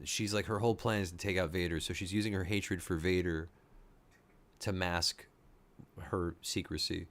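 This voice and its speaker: A man with a fairly low voice gives a casual running commentary as he reacts to what he watches. He thinks out loud and gushes freely, his excitement spilling into every remark. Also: moderate pace. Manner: excitable, thinking aloud, gushing. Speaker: reaction video host.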